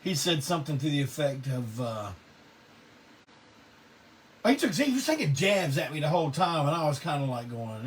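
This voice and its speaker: A man's voice: a little high, very animated, normal speed, long pauses. Laid-back man telling stories, distant mic. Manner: laid-back Southern drawl, salty, laughs often. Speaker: host of a live online show. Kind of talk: casual storytelling to a live audience. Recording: distant mic with faint background noise.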